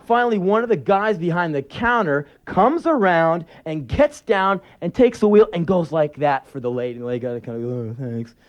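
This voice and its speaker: A man's voice: high-pitched, expressive, a little fast, hardly any pauses. A man telling sarcastic, profane anecdotes in a live spoken word performance.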